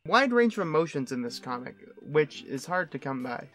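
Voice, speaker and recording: A man's voice: fairly high pitch, sing-song, normal speed, fairly bright tone. A man giving sarcastic, rambling comedic commentary on a webcomic, breaking into silly voices. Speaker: webcomic reviewer.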